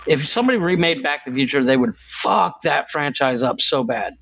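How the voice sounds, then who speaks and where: A man's voice: on the high side, expressive, fairly quick, gravelly, fairly bright tone. A man co-hosting a podcast in casual chat, rambling and searching for words. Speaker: podcast co-host.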